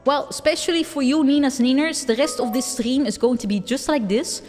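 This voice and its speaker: Dutch-accented woman streamer, high and slow, giggly, reverb-washed, faint music bed. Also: a little mellow. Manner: giggly, teasing, self-mocking. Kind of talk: casual chat with live chat.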